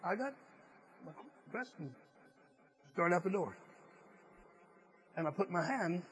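A male preacher with a fairly high voice and lively intonation delivers a slow sermon, telling his story earnestly and pressing hard on key phrases. He occasionally stumbles and restarts words, and the audio is poor.

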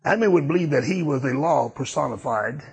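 A man's voice: a little high, lively intonation, a little fast, gravelly, husky. A man preaching a sermon, emphatic and repetitive in a folksy way.

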